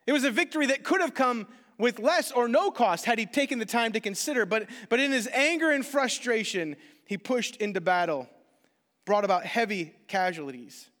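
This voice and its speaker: Guy preaching, high bright voice, acts out the funny story bits, big reverb. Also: normal speed. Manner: animated storytelling, acting out quotes. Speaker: pastor. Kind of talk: sermon.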